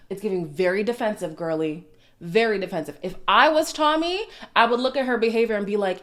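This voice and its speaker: A woman's voice: medium pitch, expressive, a little fast, fairly bright tone. A woman talks straight into a desk mic, recapping reality TV in a loose, opinionated way. She is sassy and likes to say her point twice. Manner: sassy, opinionated, repeats lines for emphasis. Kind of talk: casual commentary.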